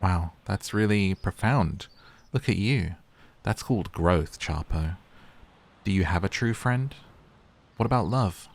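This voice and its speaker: A man's voice: sits low, expressive, unhurried. A man hosting a casual gaming video, chatty and playful as he talks to in-game characters. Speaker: gaming YouTuber.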